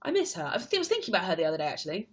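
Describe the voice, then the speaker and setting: A woman's voice: fairly low pitch, huge pitch swings, rapid-fire. Chatty young Englishwoman on a live stream. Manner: chatty, laughs often, reads questions aloud. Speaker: stage performer live-streaming to fans. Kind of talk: casual live-stream chat answering comments.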